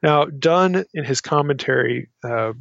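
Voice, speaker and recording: Male Bible teacher, halting and digressive, dull dry lo-fi recording. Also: fairly high pitch, creaky, a bit bright, no echo. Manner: halting, many restarts and asides, reads quotes from commentaries. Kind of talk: unscripted Bible study lecture.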